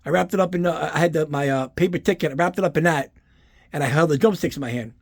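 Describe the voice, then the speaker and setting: A man's voice: fairly high pitch, fast. A man tells rambling, profane stories while giving a casual tour of his collection. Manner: rambling, profane, animated anecdotes. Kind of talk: casual storytelling to camera.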